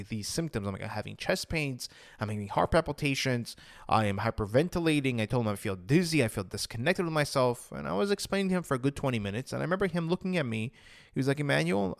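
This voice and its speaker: A man's voice: medium pitch, vocal fry, no room sound, clean studio sound. A man telling his personal story, re-enacting his own past words with rising emotion and saying "I'm like" again and again.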